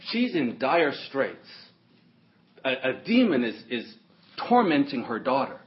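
Male preacher, expressive pitch, emphatic delivery, dull low-fidelity sermon audio. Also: slow pace, slight background noise. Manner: emphatic, stresses key words and repeats points. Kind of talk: expository sermon.

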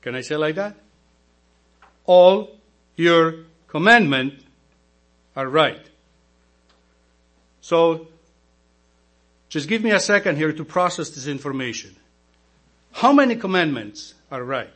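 Male deacon, non-native English speaker, slightly raised pitch, slow emphatic sermon over a mains hum. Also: animated, a bit bright. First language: not English. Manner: slow, emphatic preaching with rhetorical questions to the congregation.

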